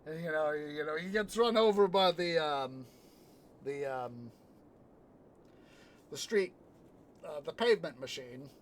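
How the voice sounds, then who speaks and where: A man's voice: on the high side, unhurried, pauses often, slight background noise. A man streaming a city-building game, chatting casually in a rambling way, retelling film scenes. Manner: rambling, many fillers and restarts, retells scenes with sound effects. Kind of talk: casual chat while playing a game.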